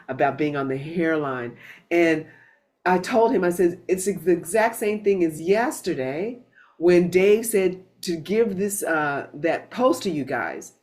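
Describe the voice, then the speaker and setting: Woman, satsang host, lower voice, loose, animated chat style with restarts. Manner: animated storytelling, swears, many restarts. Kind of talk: casual spiritual chat.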